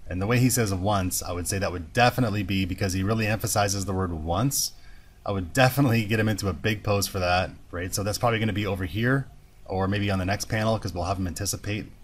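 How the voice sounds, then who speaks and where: Low-voiced man teaching animation. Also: fast. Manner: relaxed, thinking aloud step by step. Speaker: animation instructor. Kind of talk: screen-recorded software tutorial.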